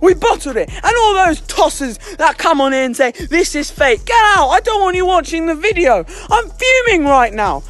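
A woman hosting a football reaction vlog, ranting, shouting and excitable as she reacts to matches. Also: extremely high pitch, moderate pace, hardly any pauses. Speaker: football channel host.

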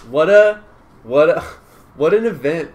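A man's voice: fairly high pitch, expressive, measured pace, crowd noise. A young man hosting a casual, joking chat while playing a video game. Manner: goofy, joking. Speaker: show host. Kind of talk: casual chat over gameplay.

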